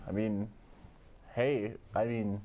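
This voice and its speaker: A man's voice: fairly low pitch, steady tone, takes it slowly, dull audio. Laid-back young man co-hosting. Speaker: co-host. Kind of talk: casual student podcast chat.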